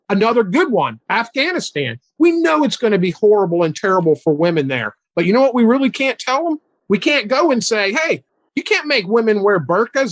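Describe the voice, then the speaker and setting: A man in his sixties, a guest on a political talk show, animated and mocking as he talks. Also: no echo. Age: 60s. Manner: animated, mocking, mimics opponents in high voices.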